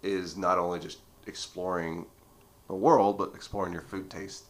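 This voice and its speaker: A young man in his twenties speaks in a very low voice. He talks in relaxed conversation as a podcast guest, telling stories with lots of filler words. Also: normal speed. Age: 20s. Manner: lively storyteller, heavy filler "like". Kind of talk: casual chat.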